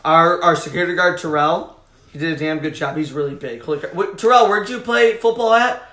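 A man with a Midwestern American accent hosting a casual podcast, excitable and quick to laugh. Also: fairly high pitch, echoey room. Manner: excitable, laughing, plugs the show. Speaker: podcast host.

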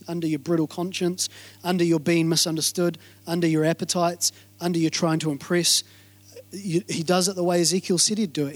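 Kiwi pastor guy preaching, high voice, keeps repeating stuff and asking the crowd if they're ready. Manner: energetic, repeats phrases, quizzes the congregation. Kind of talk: sermon.

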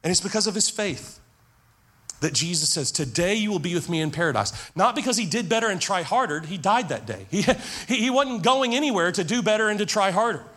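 A man's voice: sits high, lively intonation, fairly quick, fairly bright tone. A man preaching a sermon as pastor, earnest, repeating words as he drives points home.

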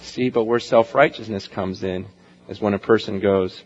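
A man preaching a sermon as pastor, animated, acting out the voices of people and God in quotes. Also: on the low side, normal speed, breathy edge. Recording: dull lo-fi recording.

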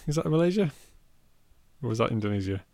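A man's voice: medium pitch, sing-song, fast, mellow, dry recording, clean studio sound. A man, co-hosting a casual podcast about films, chatty and amused, often restarting his sentences. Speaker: podcast co-host. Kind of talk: casual film chat.

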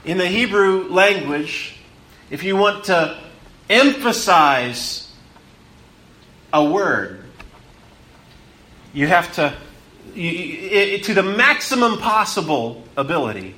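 A man preaching a sermon, emphatic, repeating words for stress and rising, then dropping to hushed tones. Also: high voice, expressive, takes it slowly, long pauses, reverberant, slight background noise.

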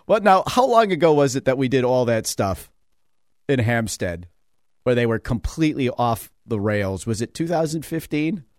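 A man's voice: mid-range voice, sing-song, slow pace, pauses often, dry recording, clean studio sound. Chatty New radio host man. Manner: chatty, digressive, many fillers and chuckles. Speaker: radio talk show host. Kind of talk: casual rambling talk radio. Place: radio studio.

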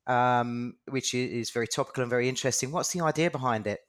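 Podcast co-host guy, joking around, mid pitch, asking stuff. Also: fast, fairly bright tone. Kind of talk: casual interview chat.

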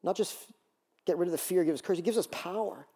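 A man preaches with animated energy, telling stories and acting out quoted voices. His voice sits high for a man. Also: fast talker, breathy edge. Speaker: pastor. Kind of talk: sermon.

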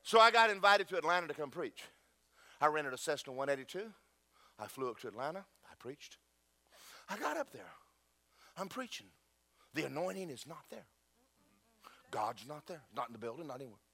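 A pastor speaks briskly but pauses often, his voice on the higher side and the recording free of room sound. His sermon is animated, packed with jokes and stories aimed straight at the congregation.

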